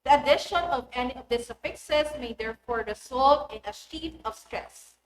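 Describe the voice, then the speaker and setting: A woman's voice: high voice, moderate pace, background noise. A woman, a teacher giving a recorded classroom lesson and pronouncing example words one by one with careful stress. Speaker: English teacher. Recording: roomy echoey recording.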